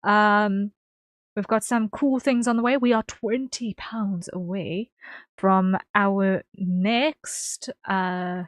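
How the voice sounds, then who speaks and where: Woman streamer from the UK, casual rambling chat to viewers, repeats herself a lot, dry close desk mic, mid-pitched. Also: fairly even intonation, takes it slowly, no echo. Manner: chatty, rambling, with many ums and repeats.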